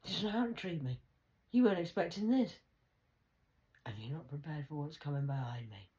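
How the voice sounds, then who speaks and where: A woman vlogging alone at home on her phone late at night, rambling and swearing, dropping to whispers and bursting out loud. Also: low voice, lively intonation, brisk. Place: at home indoors.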